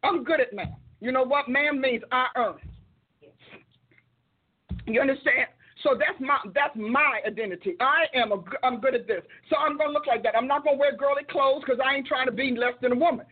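Emphatic older woman preaching, husky and high. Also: brisk. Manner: emphatic, repetitive preaching cadence. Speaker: minister and show host. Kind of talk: sermon-like talk. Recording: tinny phone-like sound.

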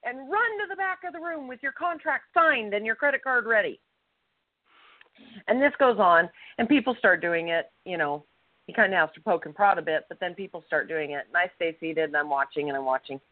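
A woman co-hosting a podcast, telling a personal story with animated, acted-out quotes. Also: on the low side, a little fast, no room sound. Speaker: podcast co-host. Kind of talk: casual storytelling. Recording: tinny phone-line sound, dry.

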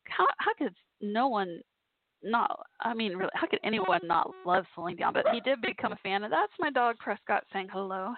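Bubbly female call-in host, mid pitch, rambles, laughs easily; thin telephone-quality audio. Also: big pitch swings, brisk, dry recording. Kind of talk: casual chatty call-in show. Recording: tinny phone-like line.

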